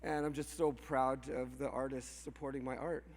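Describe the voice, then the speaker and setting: A Canadian mushroom farmer gives an emotional, off-the-cuff speech to a crowd in a large hall, his medium-pitched voice flat and at normal speed. He rambles, restarts sentences and laughs softly, with long hall reverb on the recording.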